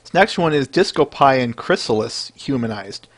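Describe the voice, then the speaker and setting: A man's voice: medium pitch, lively intonation, moderate pace, husky. A man hosting a podcast, chatting casually and enthusiastically about fan art. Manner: enthusiastic, chatty, with fillers and laughs. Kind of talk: casual chat.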